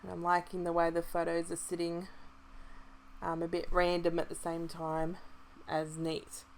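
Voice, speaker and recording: A woman's voice: lowish voice, normal speed, slight background noise. A woman with an Australian accent talking casually through a scrapbooking tutorial, thinking aloud as she works. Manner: chatty, relaxed, thinking aloud with restarts. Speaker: craft kit club presenter. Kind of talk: casual craft tutorial voice-over.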